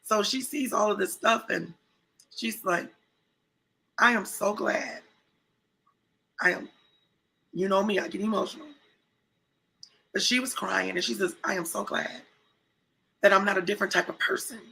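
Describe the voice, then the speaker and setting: A woman co-hosting a casual talk show, telling a story with lively quoted voices. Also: medium pitch, moderate pace, gravelly, long pauses, slightly rough, rough recording. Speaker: co-host.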